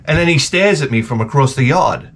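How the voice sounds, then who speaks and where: A man rambling in a casual, profane rant full of dark jokes, as a gaming vlogger. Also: fairly high pitch, expressive, a little fast. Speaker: retro gaming YouTuber.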